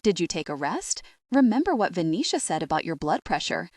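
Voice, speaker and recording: A woman voicing a calm, concerned husband in an audiobook. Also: fairly low pitch, fairly quick, no echo, clean studio sound. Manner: reserved, soothing.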